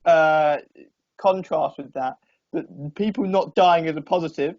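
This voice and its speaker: A young man with a noticeably high voice, bantering in a dry, teasing way. The studio sound is dead and a little dull. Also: a little slow, darkish tone, no room sound. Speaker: podcast co-host. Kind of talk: casual student radio chat.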